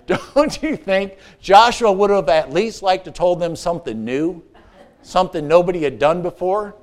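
A man preaching a sermon, with playful asides, call-and-response questions, and swings between excited shouts and hushed, earnest passages. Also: high voice, unhurried, long pauses. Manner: rises to excited shouts, drops to hushed tones. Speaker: pastor.

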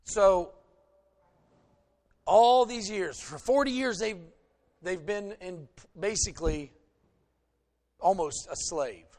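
A man from the American South preaches in a folksy, animated way, teasing the congregation between points. His voice sits high for a man. He swings from loud emphasis down to quiet storytelling. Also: slow, pauses often. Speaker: pastor. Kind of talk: sermon.

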